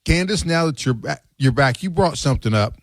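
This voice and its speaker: A man's voice: a little high, expressive, brisk, dry recording. Male radio host, folksy anecdote teller, dry close sound. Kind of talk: casual radio chat. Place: radio studio. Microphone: studio mic.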